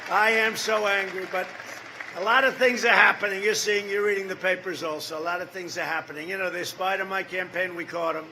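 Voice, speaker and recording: A man's voice: high-pitched, fairly quick, sharp tone, slight background noise, poor audio. Rambling older man at a rally. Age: 70s. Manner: rambling, repetitive, with off-the-cuff asides to the crowd. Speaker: politician at a campaign rally. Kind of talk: campaign rally speech. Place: large rally venue.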